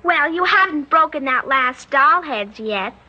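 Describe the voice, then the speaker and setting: A woman's voice: sits high, measured pace, lo-fi sound. A woman doing an eerie polite little girl. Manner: prim, sing-song, calmly menacing. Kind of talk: radio drama acting.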